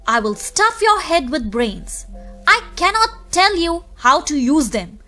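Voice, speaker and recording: A woman voicing a kindly male wizard who gives calm, reassuring advice. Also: high voice, slow pace, faint music behind, voice pushed up, heavily acted. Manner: calm, advising.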